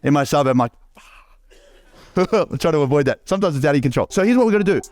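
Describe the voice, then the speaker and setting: A middle-aged man with an Australian accent, giving an animated seminar talk and asking the audience questions. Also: a little high. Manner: animated, quick, asks the crowd questions. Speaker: business coach.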